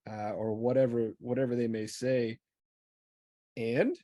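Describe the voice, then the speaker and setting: A man hosts the conversation in a measured voice and reads out audience questions. His tone is mellow, and he is heard on a video call with a dry, close sound. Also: medium pitch, dry recording. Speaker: webinar host and chaplain. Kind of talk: moderating a conversation.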